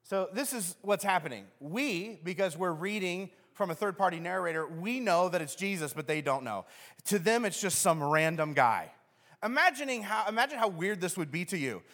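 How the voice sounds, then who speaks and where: High-voiced preacher in a reverberant hall. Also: male voice, moderate pace. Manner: animated storyteller who acts out scenes. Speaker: pastor. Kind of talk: sermon.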